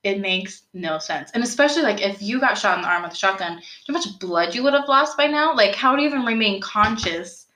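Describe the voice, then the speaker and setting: Young woman, podcast host, casual true-crime storytelling, bright voice, roomy echo. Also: mid-range voice, fast talker, few pauses. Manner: chatty, animated, lots of "like" and rhetorical questions.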